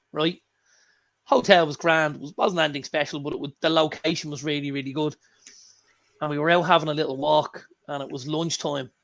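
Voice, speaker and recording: An Irish man with a slightly raised, gravelly voice, co-hosting a casual talk show. He tells anecdotes with lots of energy and swears freely. His delivery is loose and conversational. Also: a little high, a bit bright. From Ireland. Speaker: co-host. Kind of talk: casual chat.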